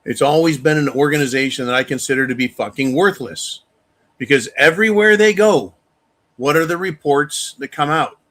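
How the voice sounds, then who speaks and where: A man's voice: fairly high pitch, moderate pace, a bit bright. A man hosting a show, delivering an angry, profane monologue rant. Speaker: show host. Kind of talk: opinion monologue.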